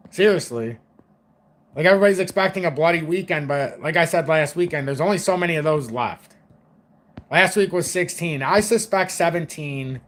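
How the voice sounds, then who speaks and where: Rambling, profane man with a higher voice. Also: moderate pace. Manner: rambling, profane, loose and chatty. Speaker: crypto market commentator. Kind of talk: casual market commentary stream.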